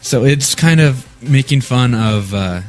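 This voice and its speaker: A man's voice: medium pitch, animated, a little slow, soft background music. A young man co-hosting a casual podcast, giggling and joking as he recounts shows he has watched. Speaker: podcast co-host. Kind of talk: casual chat.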